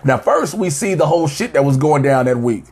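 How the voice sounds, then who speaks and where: A man co-hosts a casual TV episode review, his voice sitting a little high. He tells the story with lively swings and squeaky voices for the characters. He laughs often as he goes. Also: brisk, breathy edge. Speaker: co-host of a TV review show. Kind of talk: casual banter recapping an episode.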